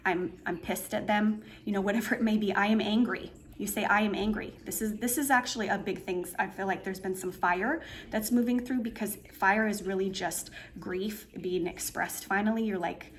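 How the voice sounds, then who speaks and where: Seated indoors before a painting, this tarot reader speaks in a mid-range voice at normal speed. Her reading is loose and wandering, full of fillers and restarts as she walks through the cards, with slight noise in the background.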